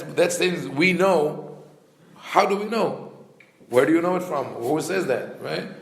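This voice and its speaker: A man's voice: medium pitch, vocal fry, roomy sound. A man, a rabbi, teaching a Torah class with rhetorical questions and frequent restarts.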